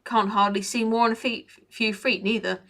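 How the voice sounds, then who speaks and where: A woman's voice: on the high side, steady tone, normal speed, a bit bright. A woman voicing a frightened male cart driver who rambles nervously with jittery laughs. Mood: babbling nervously.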